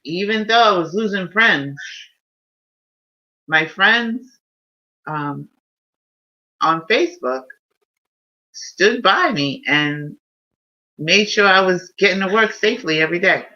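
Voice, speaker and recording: A woman's voice: lowish voice, lively intonation, slow, long pauses, pushed and bright. A woman hosting a casual live stream, telling a personal story in an emotional, heartfelt way. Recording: dull lo-fi stream audio.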